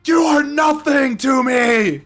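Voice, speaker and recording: A man voicing a screaming demonic creature whose face is half changed, yelling furious accusations. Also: extremely high pitch, slow, soft background music, voice pushed up, full character voice. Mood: screaming rage.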